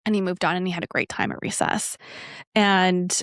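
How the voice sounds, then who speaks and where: A woman hosting a casual solo podcast, telling a story in a chatty, animated way and acting out the dialogue. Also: fairly low pitch, normal speed, no echo, clean studio sound. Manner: animated, acts out quoted dialogue; chatty with frequent fillers and asides. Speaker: podcast host.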